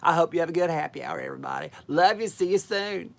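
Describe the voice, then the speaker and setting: A woman's voice: fairly low pitch, quick pace, vocal fry. A woman hosting a chatty livestream monologue from home, rambling and folksy, with bawdy asides. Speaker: livestream host.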